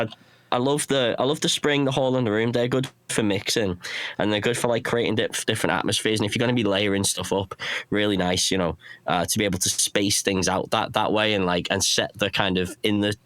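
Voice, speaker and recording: A man's voice: fairly low pitch, a bit bright, dry recording. A man with a Runcorn Scouse accent, talking casually as a podcast guest in a rambling, self-deprecating way, often restarting his sentences. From England. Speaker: guest, pedal maker.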